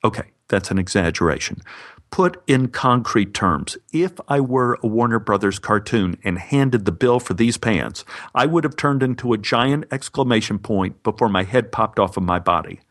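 A man's voice: on the low side, animated, normal speed, a bit bright. A man narrating a personal story for a podcast with dry, wry humor.

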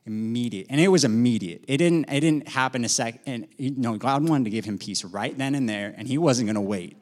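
A man casually sharing a testimony at a church gathering, rambling and animated, with lots of fillers. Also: mid-range voice, fairly quick. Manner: animated, filler-heavy storytelling with acted quotes. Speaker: congregation member sharing a testimony.

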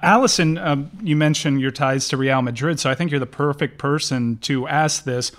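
A man's voice: on the high side, moderate pace, a bit bright. A man hosting an interview, setting up long, framing questions for his guest. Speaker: interview host.

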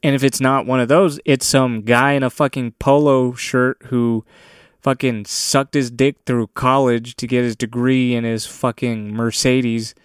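A man's voice: medium pitch, little pitch movement, unhurried, clean tone, dry recording, studio quality. A young man hosting a podcast, ranting alone in a crude, heavily profane and sardonic way. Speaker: podcast host. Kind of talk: profane solo rant.

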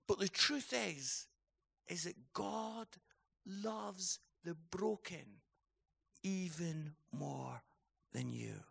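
Gravelly man preaching at a conference. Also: high voice, fairly bright tone. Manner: storytelling, building to passionate exhortation. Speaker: speaker. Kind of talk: conference sermon. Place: conference hall.

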